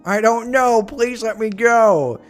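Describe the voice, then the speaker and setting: A man's voice: high-pitched, normal speed, faint music behind, voice pushed up, close to an everyday voice. A man putting on a whiny, panicky cartoon dad Peter Griffin. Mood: pleading.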